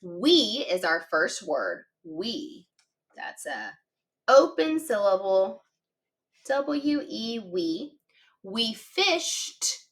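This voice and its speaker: A woman with a medium-pitched voice leads a very animated phonics lesson for children. She patiently sounds out words slowly, letter by letter, and encourages the kids with cheerful praise.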